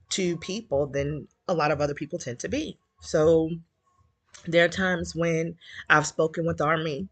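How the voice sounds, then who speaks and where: A woman with a lowish, slightly rough voice marked by vocal fry and a touch of brightness hosts a casual listener chat for her community group. She's open and emotional, a bit teary, and uses many fillers; the recording is dry.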